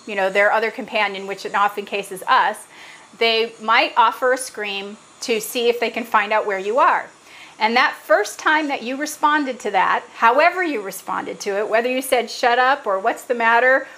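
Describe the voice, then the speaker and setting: A woman's voice: on the high side, a bit bright, poor audio. A middle-aged woman, an animal trainer, patiently explaining parrot training with examples over a video call. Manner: earnest, patient, example-driven.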